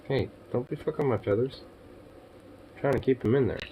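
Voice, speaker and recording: A young man chatting affectionately with his dog in teasing baby talk, often yelping up high and laughing. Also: fairly quick, dull audio, a little hiss or hum. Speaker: vlogger. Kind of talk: casual talk to a pet dog.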